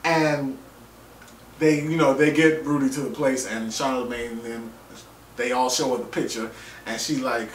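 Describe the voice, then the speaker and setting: In a mid-range voice at a moderate pace, a vlogger gives a casual, profane, joking recap of a TV episode, animatedly acting out what people said. He's picked up by a distant mic in a roomy space, with faint ambience and a little hiss or hum.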